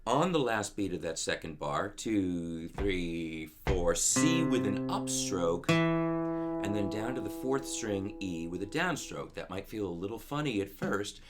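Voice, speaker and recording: A man with a low voice walks through a guitar part step by step, steady and methodical. He counts beats and hums rhythms aloud, and loud guitar playing sits under his words. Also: a little slow. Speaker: guitar teacher. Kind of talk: guitar lesson walkthrough.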